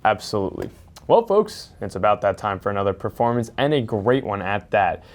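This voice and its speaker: A man anchors a live charity telethon, friendly and slightly halting as he moves between segments. His voice sits somewhat low.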